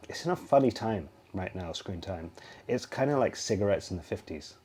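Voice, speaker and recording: A man who is a guest expert on a podcast, explaining in a steady way. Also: sits low, normal speed, a little hiss or hum. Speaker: guest, screen-time expert. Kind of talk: casual podcast conversation.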